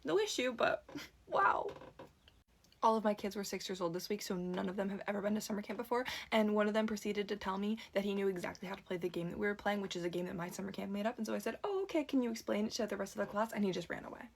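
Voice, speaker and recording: A young woman working as a camp counselor tells funny stories in a casual vlog, lively and laughing between anecdotes. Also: fast, gravelly. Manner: animated, jumps high when quoting others.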